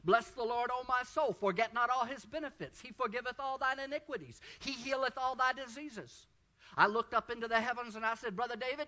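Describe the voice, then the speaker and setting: Fervent male preacher, high piercing voice that rises into shouts, heard on a dull lo-fi recording. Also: fairly quick. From Texas. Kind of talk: sermon.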